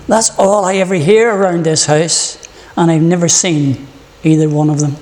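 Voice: medium pitch, fairly even intonation, moderate pace, darkish tone, lightly acted. A preacher voicing a complaining young boy who refuses to wash his hands. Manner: whiny, complaining.

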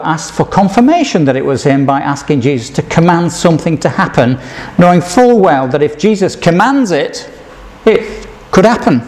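A man's voice: on the high side, a little mellow. A man preaching a sermon, reading scripture aloud and putting questions to his listeners.

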